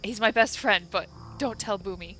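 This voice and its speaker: A woman's voice: medium pitch, normal speed, sharp tone, faint music behind. A woman playing a tabletop role-playing game, playful and sometimes dropping into a sneaky whisper. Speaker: player.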